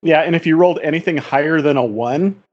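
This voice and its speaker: A man's voice: on the high side, fast talker, no echo, lo-fi sound. A man narrating a tabletop game as game master, describing scenes evenly.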